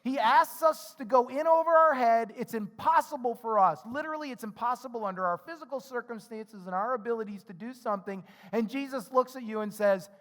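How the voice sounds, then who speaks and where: High-voiced pastor preaching in a reverberant hall. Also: male voice, brisk, few pauses, fairly bright tone. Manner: conversational, acts out the characters' dialogue; frequent tag questions "right?". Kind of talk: sermon.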